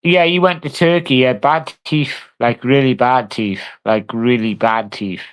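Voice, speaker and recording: A man's voice: mid-range voice, measured pace. Brash sweary streamer man. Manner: brash, sweary, talks back to chat. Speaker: livestreamer. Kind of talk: casual live-stream chat.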